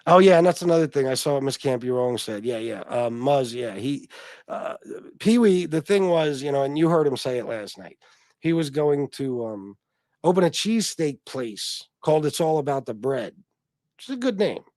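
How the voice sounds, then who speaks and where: A man's voice: medium pitch, lively intonation, normal speed, darkish tone, dry recording. Give me a rambling, profane livestream host, a man with a dry sound. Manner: rambling and profane, with frequent restarts. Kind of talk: casual livestream chat, reading donations and comments.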